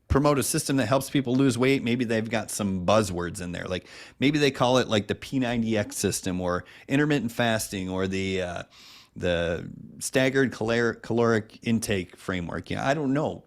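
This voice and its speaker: Lowish male voice, casual instructor tone, conversational, frequent "right?" check-ins. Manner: conversational, peppers points with "right?" and quick made-up examples. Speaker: online marketing instructor.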